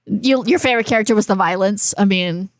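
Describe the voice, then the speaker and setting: She talks fast at a medium pitch in an echo-free, studio-quality recording. As co-host of a horror podcast, she chats casually in a teasing, combative and foul-mouthed way.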